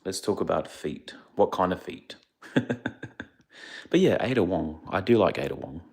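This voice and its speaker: A young man from India, chatting quietly on a livestream into his phone so he won't wake the people around him. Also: low voice, animated, moderate pace, breathy edge. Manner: speaking quietly, hushed. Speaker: streamer. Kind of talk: casual livestream chat. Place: indoors away from home, others asleep.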